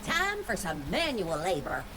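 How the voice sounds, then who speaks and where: A cheerful game robot sidekick. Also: female voice, medium pitch, huge pitch swings, measured pace, very noisy. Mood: upbeat. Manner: upbeat, chatty and curious. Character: encouraging robot companion with a female voice. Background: game music.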